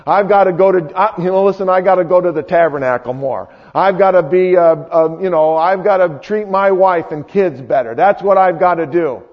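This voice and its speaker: A man's voice: high voice, moderate pace, few pauses. A man playing a stubborn, self-reliant dying man who insists he can fix things himself. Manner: insistent, pleading. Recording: echoey hall, dull lo-fi sound.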